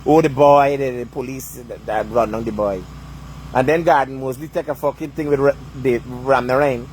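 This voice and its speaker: A man's voice: medium pitch, steady tone, normal speed, slight background noise. A man delivering a heated, profane rant, swearing constantly and asking "you understand?" over and over. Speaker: vlogger.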